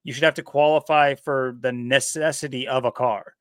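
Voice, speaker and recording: A man co-hosting a podcast in casual chat, talking in a rambling, animated way. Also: mid-range voice, normal speed, clear, resonant tone, dry recording, studio quality. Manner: rambling, animated, laughs often. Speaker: podcast co-host.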